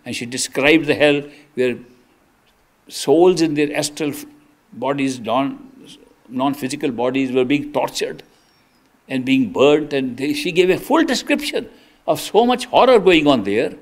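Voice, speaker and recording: A man's voice: a little high, unhurried. An older man giving an earnest sermon as a spiritual teacher, telling stories with emphatic restarts. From India. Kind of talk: storytelling sermon.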